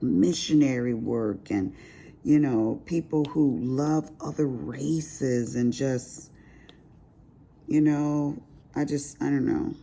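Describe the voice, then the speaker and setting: A woman's voice: extremely low pitch, gravelly, warm tone, slight background noise. A middle-aged woman, chatting casually and expressively to her viewers while she crafts, calling them honey. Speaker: diamond painting vlogger.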